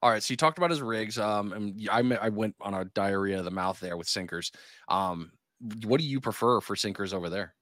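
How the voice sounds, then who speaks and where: A man's voice: fairly low pitch, brisk, no echo, studio quality. A man hosting a casual fishing podcast, reading sponsor spots and telling stories with acted-out quotes. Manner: animated storyteller, acts out quotes. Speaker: podcast host.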